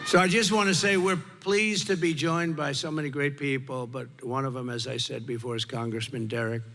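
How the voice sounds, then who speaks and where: Older man with a gravelly voice at a rally. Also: mid-range voice, steady tone, brisk, a bit bright, slight background noise. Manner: off-the-cuff, repetitive, emphatic. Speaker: political candidate. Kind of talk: campaign rally speech. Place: large rally venue before a crowd. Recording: reverberant rally PA, faint crowd.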